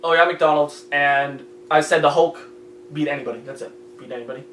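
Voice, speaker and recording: Young male podcast regular, slightly high voice, rambling crude storyteller, echoey room with faint hum. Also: fairly quick. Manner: rambling storyteller, crude, yells in retold quotes. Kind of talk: casual chat among friends.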